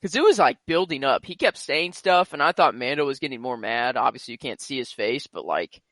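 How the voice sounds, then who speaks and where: A young man guesting on a casual podcast, animated and quick to laugh. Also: medium pitch, no room sound.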